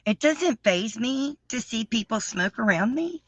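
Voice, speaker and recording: Excitable chatty woman in her fifties. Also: a little high, unhurried, no echo. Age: 50s. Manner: chatty, excitable, repeats herself. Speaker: livestream host. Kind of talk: casual live chat. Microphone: livestream setup.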